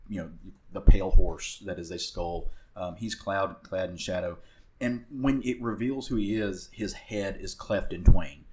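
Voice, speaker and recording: He's a low-pitched, slightly mellow podcast co-host with a Southern US accent. His comic book recap wanders casually, packed with fillers and restarts.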